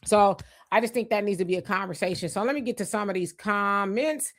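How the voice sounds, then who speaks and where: A woman's voice: mid-range voice, brisk. A woman hosting a livestream. She reads viewer comments aloud and answers them in an emphatic, conversational way, often asking rhetorical questions. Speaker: livestream host.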